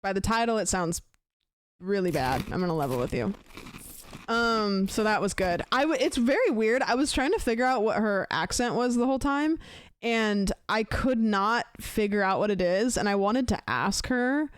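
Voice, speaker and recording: Young woman streamer, rambling anecdote style, clean dry voice, mid pitch. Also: expressive, moderate pace, clear, resonant tone, no room sound. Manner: rambling storyteller, acts out both sides of a conversation. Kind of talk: casual chat to stream chat.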